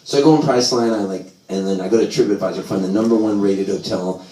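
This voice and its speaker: A man's voice: fairly low pitch, quick pace, warm tone. A middle-aged man telling rambling, profane stories on stage, acting out his parents' voices. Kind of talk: live comic storytelling. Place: bar with a live audience. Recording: echoey room, distant mic, crowd noise.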